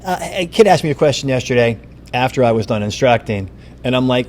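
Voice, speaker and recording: A man's voice: mid-range voice, animated, fast. A man in his fifties hosting a casual teacher podcast, who tells classroom stories and acts out his students. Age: 50s. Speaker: podcast host and middle school teacher.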